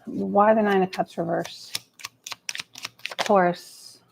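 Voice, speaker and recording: A woman reading tarot on a livestream in a loose, chatty way, swearing freely and muttering half to herself. Her mid-pitched voice has some gravelly fry in it. There is a faint hiss in the background. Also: fairly even intonation, slow. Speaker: tarot reader. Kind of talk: live tarot reading, casual chat. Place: home table with a cat nearby.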